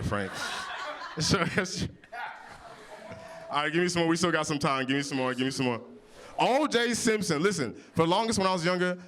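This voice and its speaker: A man in his early thirties doing improvised stand-up comedy on audience topics, with big jumps in pitch when he quotes people. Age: 30s. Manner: animated, jumps high for quoted voices. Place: comedy club stage. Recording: live venue with audience.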